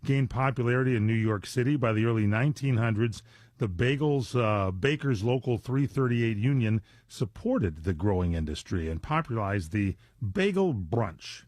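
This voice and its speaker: A man's voice: mid-range voice, animated, moderate pace, darkish tone, no echo. An older man hosting a radio show in casual, rambling chat full of fillers and jokes, recorded on a studio mic. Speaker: radio host. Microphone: studio microphone.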